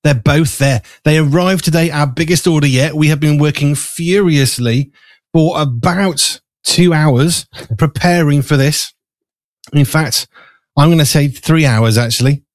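A slightly higher-voiced man hosts a live studio show, talking in a loose, rambling way full of fillers. He sounds a little out of breath. The sound is dry and close. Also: measured pace, no room sound. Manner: chatty, rambling with fillers, eating while talking. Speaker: show host. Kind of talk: casual live studio chat. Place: small studio.

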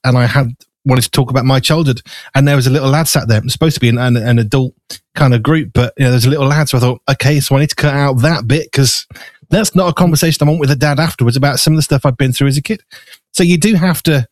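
Fast-talking Black Country man, dry sound. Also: mid-range voice, dry recording. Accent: Black Country, softened. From Black Country, English Midlands. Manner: quick talker, chatty, laughs easily. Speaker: radio show host. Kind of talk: casual interview chat.

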